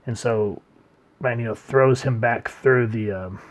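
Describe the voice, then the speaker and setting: A man reviewing a comic book in casual chat, rambling and trailing off quietly at the ends of his sentences. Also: a little slow. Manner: rambling, trails off quietly at line ends, reads quotes in a low murmur.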